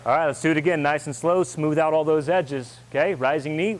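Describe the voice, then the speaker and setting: Instructor, male, slightly raised pitch, brisk counts and cues, light noise behind. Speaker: martial arts instructor. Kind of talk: counting and coaching a class.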